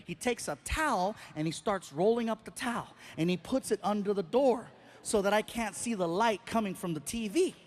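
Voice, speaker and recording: A middle-aged man does stand-up on a live stage, his voice sitting high at a normal speed. He tells animated, exaggerated stories and lands punchlines.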